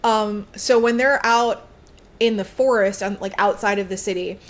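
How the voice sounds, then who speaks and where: A woman co-hosting a casual podcast, talking through a story's plot in a loose, chatty way. She swears freely and throws herself into quick voicings of the characters. Her voice sits at a middle pitch. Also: steady tone. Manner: chatty, swearing, acts out characters' lines with big jumps in pitch. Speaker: podcast co-host. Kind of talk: casual chat, retelling a book plot.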